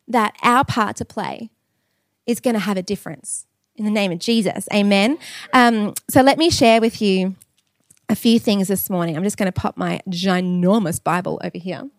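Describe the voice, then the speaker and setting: A woman's voice: mid-range voice, moderate pace, no echo. Australian woman preaching with candid humor. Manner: candid, humorous storytelling with laughs. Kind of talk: sermon.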